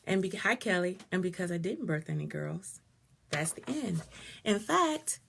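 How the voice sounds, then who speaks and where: A middle-aged woman speaking to a live audience in a lowish, gravelly voice with a bright, forceful edge. She talks in an expressive, conversational way and stops mid-thought to greet viewers by name. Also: unhurried, slight background noise. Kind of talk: personal talk to live viewers.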